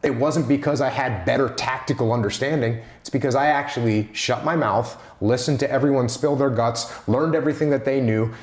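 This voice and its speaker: A man's voice: mid-range voice, brisk, hardly any pauses. A man talking through ideas on leadership in a casual podcast conversation, with an emphatic manner, hammering on key phrases. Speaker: leadership speaker. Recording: roomy echo.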